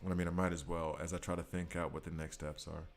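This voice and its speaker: A gaming streamer in his thirties speaks quickly in a low, level voice. He gives casual live-stream commentary while playing a mobile game, joking around with his chat.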